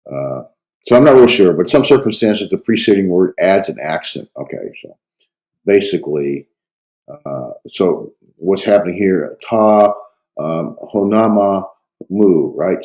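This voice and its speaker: A man with a low, mellow voice works through a grammar lesson while he has a cold. He pauses often, fills gaps with hesitant fillers and thinks aloud as he explains. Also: poor audio. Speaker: Greek instructor. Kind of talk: lecture reviewing grammar.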